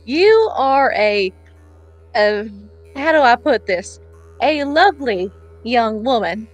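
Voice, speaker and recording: A woman's voice: sits high, animated, a little slow, lo-fi sound, soft background music. A woman voicing a motherly older woman who comforts a crying girl in a folksy drawl, hesitant and fond of calling her honey. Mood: soothing.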